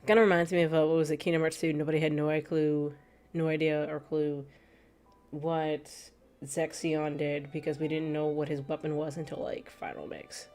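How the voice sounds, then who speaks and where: Low-voiced woman streamer chatting with chat. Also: moderate pace, darkish tone, faint music behind. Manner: rambling, laughing often, talks to chat. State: stuffy from allergies. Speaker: gaming streamer.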